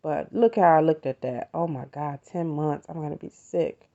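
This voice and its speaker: A middle-aged American woman hosts a podcast, speaking heartfelt and conversationally about her personal faith and gratitude and calling her listeners "you all". Her voice sits low with vocal fry and a warm tone, at a moderate pace, in lo-fi sound.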